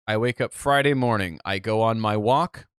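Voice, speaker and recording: A young man from the Midwest telling a story on a podcast in a casual, animated way, swearing freely and acting out what people said. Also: on the low side, moderate pace, clean tone, no room sound, studio quality. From Midwest United States. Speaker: podcast co-host.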